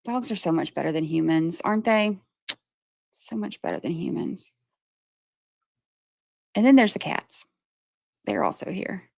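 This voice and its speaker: A woman's voice: on the low side, unhurried, creaky, pauses often, a little mellow, no room sound, clean studio sound. A woman from Georgia, chatting casually on her livestream and laughing often as she talks to her viewers. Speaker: livestream host.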